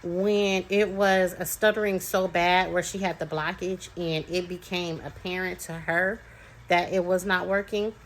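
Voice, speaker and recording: A woman's voice: fairly low pitch, fairly even intonation, a little slow, slight background noise, rough recording. A young woman talking as a parent, telling her story in a chatty, casual way, with many fillers and restarts. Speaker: parent sharing experience.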